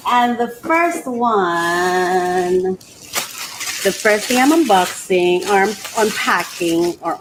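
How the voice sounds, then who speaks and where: Lively, emotional woman sharing a favorite book. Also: mid-range voice, noisy background. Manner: emotional and expressive, laughs often, restarts sentences; slows down when reading aloud. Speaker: host of a faith podcast. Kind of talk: casual reflective monologue.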